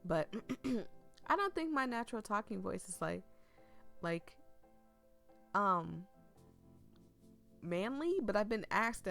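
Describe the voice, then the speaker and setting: Low-voiced woman, chatty and anxious. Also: lively intonation, a little slow, vocal fry, faint music behind. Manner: chatty, anxious asides, frequent stumbles. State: losing her voice. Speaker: let's player reading a visual novel aloud. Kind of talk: chatty game commentary and narration.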